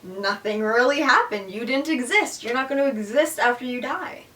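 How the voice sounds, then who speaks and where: A woman's voice: a little high, animated, normal speed, a bit bright. A young woman co-hosting a podcast, chatting frankly and giggling, with lots of "like". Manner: frank, giggly, says "like" a lot. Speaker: podcast co-host. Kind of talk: casual chat. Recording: distant from the mic.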